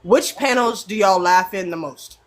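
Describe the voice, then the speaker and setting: A woman chatting casually on a podcast panel, animated and laughing, often repeating herself. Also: mid-range voice, normal speed, slight background noise. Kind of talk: casual group chat.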